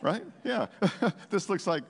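A man preaching a sermon in a church, exuberant and animated, rambling into asides and laughing often. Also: high-pitched, takes it slowly, vocal fry, husky. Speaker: pastor. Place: church sanctuary. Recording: long hall reverb.

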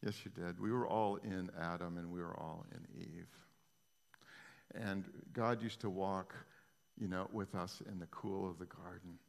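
A man preaching an impassioned sermon as pastor, dropping to a hush and then rising again, often restarting his phrases. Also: low-pitched, steady tone, a little slow, gravelly, long reverb tail. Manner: impassioned, swinging between hushed and raised, frequent restarts.

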